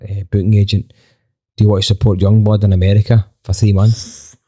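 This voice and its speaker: A man, a band member telling a story in a casual chat, animated and full of restarts. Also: lowish voice, fairly quick.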